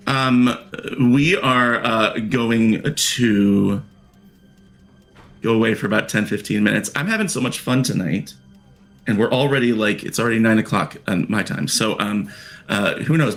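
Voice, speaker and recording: A man's voice: on the low side, moderate pace, a bit bright, faint music behind. A man running a tabletop horror game as game master, narrating casually with plenty of fillers. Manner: casual, rambling, many fillers.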